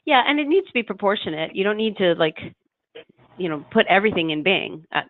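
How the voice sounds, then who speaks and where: A man's voice: sits high, big pitch swings, brisk. A man working as a marketing consultant, explaining web analytics on a business call, with many fillers and restarts. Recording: tinny phone-line audio.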